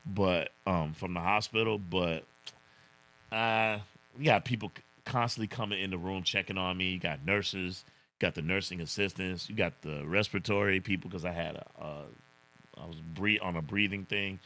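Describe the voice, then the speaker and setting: A man's voice: low-pitched, steady tone, moderate pace, pushed and bright. A man hosting a casual livestream, reading viewer comments in a laid-back way, chuckling often and saying "man" a lot. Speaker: livestream host.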